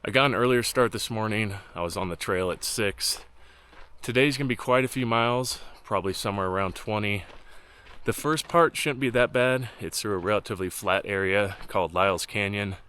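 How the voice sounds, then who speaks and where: A man with a slightly low voice tells his trail story outdoors in a dry, deadpan way. He keeps jokes flat and matter-of-fact, like a running vlog narration. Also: a little fast, clean tone. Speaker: hiking vlogger.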